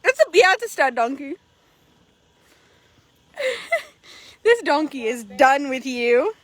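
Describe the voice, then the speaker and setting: A woman horse trader telling animated, laughing stories in casual chat, swearing freely. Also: sits high, takes it slowly, no echo.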